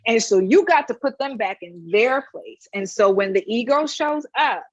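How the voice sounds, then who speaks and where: A woman wellness practitioner giving advice in a panel conversation, telling animated stories and often checking in with "right?". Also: on the high side, moderate pace, no room sound, lo-fi sound. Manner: animated storyteller, frequent "right?" tag questions.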